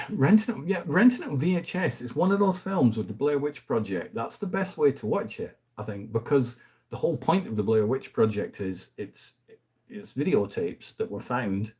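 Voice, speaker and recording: A man hosting a casual film chat, rambling and enthusiastic, often trailing off quietly at the ends of his thoughts. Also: lowish voice, breathy edge. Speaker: host, film reviewer.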